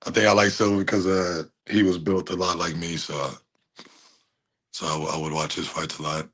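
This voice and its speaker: A man's voice: low-pitched, level tone, normal speed, a bit bright. A man in his thirties, a fighter giving a casual interview, laid-back, laughing often and swearing casually. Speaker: fighter guest.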